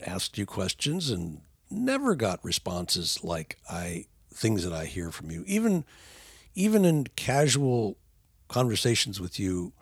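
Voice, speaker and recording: Older father, podcast guest, low gravelly husky voice, halting then animated, dry close sound. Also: no room sound. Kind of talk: casual podcast conversation.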